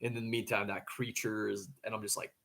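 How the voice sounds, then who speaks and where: A man's voice: fairly low pitch, level tone, fast, creaky, fairly bright tone. Rambling man telling a story. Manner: rambling, stammering restarts. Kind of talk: casual storytelling monologue.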